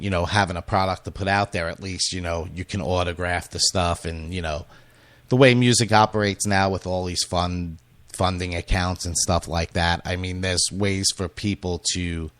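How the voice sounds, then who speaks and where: A man's voice: low-pitched, a bit bright, dry recording. A male radio show host, losing his voice, chatting casually with a guest and rambling with many fillers and restarts. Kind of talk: casual interview chat.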